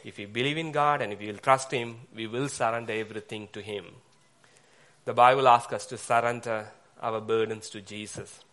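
Halting male preacher. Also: medium pitch, a bit bright. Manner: halting, with fillers and pauses. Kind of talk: sermon.

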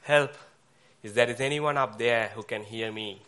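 A man voicing a desperate stranded man who shouts and pleads for help. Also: mid-range voice, measured pace, close to an everyday voice. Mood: shouting for help.

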